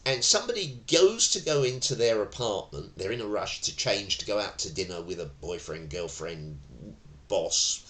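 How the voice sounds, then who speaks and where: A middle-aged male tai chi instructor who tells his lessons as stories. His pitch swings widely, and he sits fairly low in his range. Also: moderate pace. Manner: animated storyteller who acts out voices. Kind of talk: teaching talk with anecdotes.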